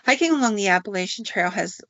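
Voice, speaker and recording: A woman's voice: medium pitch, lively intonation, fast, a bit bright, no echo. Folksy woman telling a spooky tale. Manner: folksy, drawling, with fillers. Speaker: podcast host. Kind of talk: storytelling narration. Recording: dull, dry recording.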